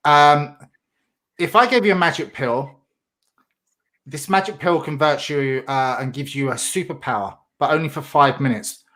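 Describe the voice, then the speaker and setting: A man's voice: on the high side, normal speed, fairly bright tone. A man from Ireland hosting a podcast interview, friendly and hesitant, with many fillers. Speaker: podcast host. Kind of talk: casual interview chat.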